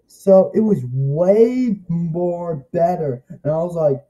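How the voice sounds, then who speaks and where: A young man vlogging a casual, excitable review, rambling and repeating himself. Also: fairly high pitch, moderate pace, few pauses.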